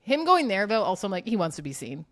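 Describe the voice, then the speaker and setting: A young woman with a Southern US accent, co-hosting a casual podcast chat, bubbly and full of quick asides. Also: medium pitch, very animated. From Georgia, US. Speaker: co-host.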